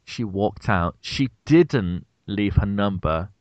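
Taking it slowly in a muffled recording with no room sound, a British podcast co-host in his thirties relates a funny story in casual chat. He acts out the quotes animatedly, jumping widely in pitch.

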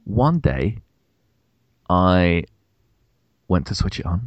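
A young man co-hosting a podcast, telling an animated, swearing story in casual chat. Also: deep voice, slow pace, no echo, dull audio. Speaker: podcast co-host.

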